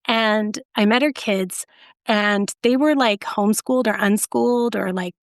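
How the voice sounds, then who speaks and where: A woman's voice: medium pitch, unhurried, no echo, studio quality. A middle-aged woman, a podcast guest, telling a rambling, self-deprecating story in casual conversation.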